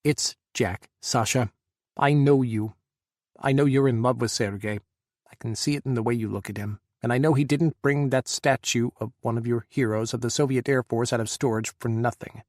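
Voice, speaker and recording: A man's voice: medium pitch, fairly even intonation, normal speed, darkish tone, no echo, clean studio sound, lightly acted. A man voicing a grieving former president who pleads urgently for help. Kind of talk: audiobook character voice.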